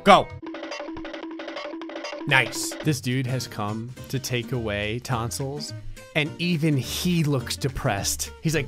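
A man giving comedic, sarcastic commentary over a life-simulation game, often slipping into quick voices for the pets. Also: mid-range voice, music in the background. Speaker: gaming commentator.

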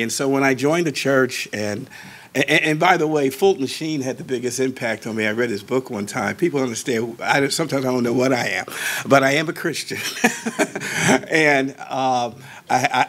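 A man in his sixties, a Baptist pastor, tells a personal testimony in an animated way, slowing down on key words and moving between soft asides and raised emphasis. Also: mid-range voice. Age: 60s. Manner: slows down and draws out key words.

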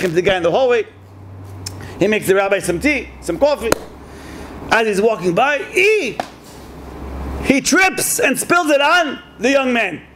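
A rabbi giving a sermon, telling stories in a lively way, acting out the people in them, and using Hebrew religious terms. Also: male voice, high voice, normal speed, long pauses, background noise. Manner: animated storyteller who acts out quoted speech. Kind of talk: sermon to a community audience.

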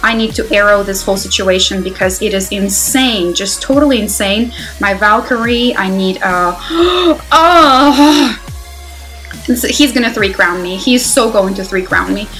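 A woman giving live commentary on her own mobile game, excitable and talking to herself, swinging from loud exclamations to quiet muttering. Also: medium pitch, normal speed, few pauses, low-quality recording. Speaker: mobile game player and channel host. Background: faint background music.

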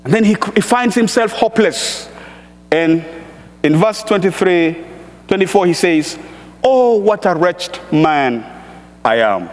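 A man with a strikingly high voice preaches a sermon, reading scripture and working up to emphatic shouts. He speaks slowly, lingering over each phrase. His voice rings through a church hall with a long, lingering reverb. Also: expressive. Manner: emphatic, builds to shouted exhortations.

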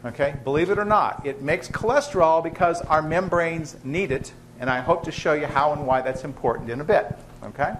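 A man's voice: on the high side, brisk, hardly any pauses, fairly bright tone, a little hiss or hum. A man lecturing to students in a lecture hall, chatty and joking as he teaches. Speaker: biochemistry professor. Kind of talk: university lecture.

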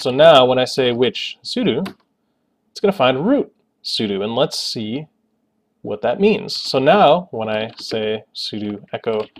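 Man explaining a terminal tutorial. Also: mid-range voice. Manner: casual, explanatory, joking asides. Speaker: Linux tutorial host. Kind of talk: screencast tutorial narration.

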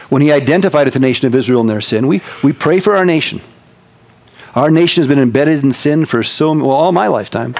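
A man preaching a sermon as pastor, folksy and animated, swinging from quick loud bursts to slow quiet emphasis. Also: mid-range voice.

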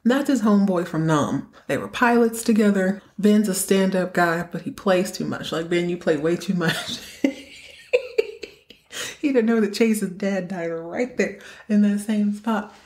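A woman's voice: medium pitch, unhurried, a little mellow. A woman hosting a podcast, recapping a TV episode in a chatty, joking way and acting out quotes. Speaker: podcast host.

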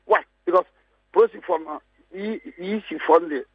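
A husky, slightly higher-voiced man with a Ghanaian accent argues his case on a radio panel, hammering home key phrases. The sound is dry and a bit muffled, like a close studio mic. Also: moderate pace, no echo. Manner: emphatic, repeats key phrases. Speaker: political guest. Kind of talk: heated radio panel talk.

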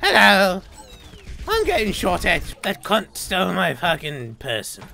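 A young man gaming, loudly swearing and joking through in-character banter with shouted outbursts. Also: sits high, wildly swooping pitch, moderate pace, gravelly, slight background noise. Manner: loud, crude and swearing, with over-the-top shouting outbursts. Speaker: gamer. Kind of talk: profane in-character gameplay banter.

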